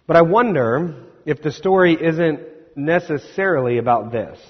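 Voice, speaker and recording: A man's voice: fairly high pitch, expressive, moderate pace, breathy edge. A male pastor preaching a sermon, retelling scripture casually and asking the congregation rhetorical questions. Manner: conversational storytelling with rhetorical questions. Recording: echoey hall, slightly dull.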